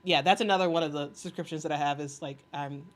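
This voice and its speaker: A woman's voice: low-pitched, steady tone, fast talker. A woman hosting a casual sports livestream, reading chat aloud, rambling with many fillers and restarts, and often laughing with enthusiasm. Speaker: sports commentary host reading live chat.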